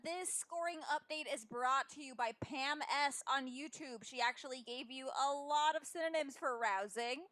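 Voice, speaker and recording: A woman keeping score for an improv show, reading suggestions in a measured way. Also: high voice, pushed and bright.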